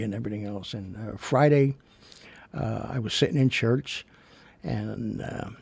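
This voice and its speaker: A gravelly-voiced man hosting his own show, rambling through personal stories and news with lots of fillers and restarts. His voice is husky and a bit rough. It sounds dry and close, with no room in it. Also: medium pitch, darkish tone, no room sound. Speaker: show host.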